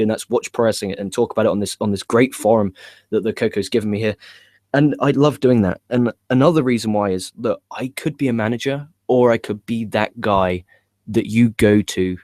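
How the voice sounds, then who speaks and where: A young man co-hosting a wrestling news show, chatting live in a rambling, excitable, profane way. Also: on the low side, no echo, studio quality.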